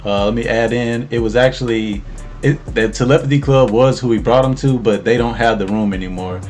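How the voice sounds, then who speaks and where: A man's voice: mid-range voice, a little fast, darkish tone, faint music behind. A man casually recapping an anime episode as host, laid-back and slangy, laughing as he tells it.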